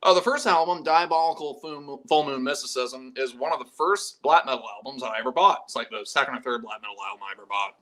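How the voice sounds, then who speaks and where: A man's voice: medium pitch, fast, few pauses, bright, forceful tone. A man hosting a casual live stream about metal music, reading viewer messages and rambling animatedly, swearing freely. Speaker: metal YouTube channel host.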